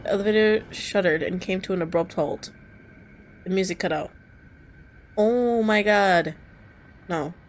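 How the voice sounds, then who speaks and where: A woman streamer reading a visual novel aloud. She switches between calm narration and loud, laughing, cursing reactions. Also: mid-range voice, unhurried, pauses often, a little hiss or hum. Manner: expressive, jumps from calm reading to squealing and laughing; casual and cursing in asides. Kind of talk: reading game text aloud with live reactions.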